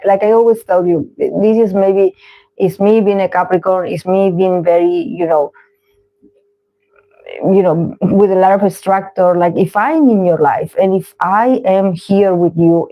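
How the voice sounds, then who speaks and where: A woman's voice: fairly low pitch, warm tone, dry recording, rough recording. A woman hosting a tarot livestream, talking frankly and reflectively while she searches for her words. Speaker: tarot reader host. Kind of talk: casual livestream monologue.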